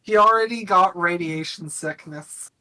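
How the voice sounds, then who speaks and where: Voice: medium pitch, measured pace, bright, forceful tone, rough recording. A tabletop game player explaining a character's choices at length in a chatty way.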